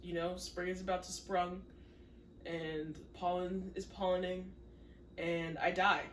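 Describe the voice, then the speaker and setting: A young woman co-hosting a podcast in casual chat, congested and wheezy, playful and quick to laugh. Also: on the low side, level tone. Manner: playful, laughs often, dry jokes. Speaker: podcast co-host. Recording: roomy, mic at a distance, faint hiss.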